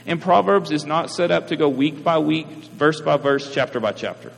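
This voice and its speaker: A man's voice: fairly high pitch, lively intonation, moderate pace, creaky. A man, preaching a sermon in a conversational way and often checking in with listeners. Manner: conversational preaching with frequent "right?" asides. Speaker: pastor. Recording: reverberant hall, mains hum.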